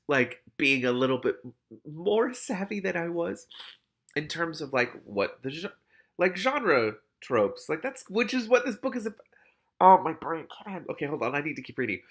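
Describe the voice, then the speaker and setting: A man reading a novel aloud and breaking off to react with animated, exclaiming commentary. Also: a little high, moderate pace. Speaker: book reader and commentator.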